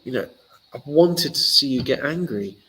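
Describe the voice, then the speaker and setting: A man's voice: mid-range voice, animated, moderate pace, a bit bright, natural voice, low-quality recording. A man voicing a polite troublemaker who pesters a sage with pointless questions, in a retold story. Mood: inquisitive.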